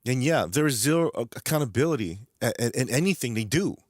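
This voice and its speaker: A man's voice: medium pitch, lively intonation, quick pace, dry recording, studio quality. A man with a New York accent hosting a livestream, ranting angrily with heavy profanity and stumbling repetitions. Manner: angry, profane, repeats words. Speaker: livestream host. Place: home streaming room.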